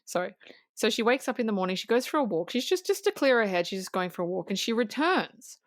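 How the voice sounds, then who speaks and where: A woman's voice: medium pitch, lively intonation, fast, no room sound, clean studio sound. A woman co-hosting a podcast, eagerly retelling a film scene in casual chat, with restarts and casual swearing. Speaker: podcast co-host.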